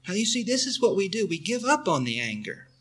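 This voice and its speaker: A man's voice: sits high, sing-song, a little fast, a bit bright. A man giving an earnest spiritual talk, answering a question and leading his listeners in repeated affirmations. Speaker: spiritual teacher.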